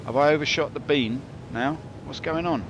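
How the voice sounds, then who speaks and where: A man's voice: fairly high pitch, moderate pace, noisy background. A man giving rambling, jokey commentary over his gameplay, drifting into mock-philosophical musings. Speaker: game streamer.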